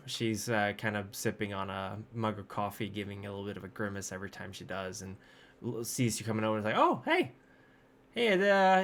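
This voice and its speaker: A man narrating as game master of a tabletop game, relaxed and self-deprecating. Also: fairly low pitch, slight background noise.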